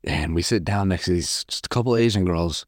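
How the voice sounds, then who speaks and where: A man's voice: low voice, fairly quick, no echo, clean studio sound. A young man from California co-hosting a podcast, chatting casually and laughing as he quotes himself. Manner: laughing, quoting himself with raised voice. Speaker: podcast co-host. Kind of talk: casual chat.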